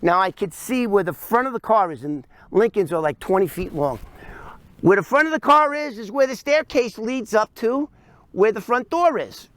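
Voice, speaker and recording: A man tells an animated story, punching it up with sound effects. His voice sits high for a man. The sound is dry and close, with no room around it. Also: moderate pace, no echo. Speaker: storyteller recounting his past. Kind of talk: animated first-person storytelling.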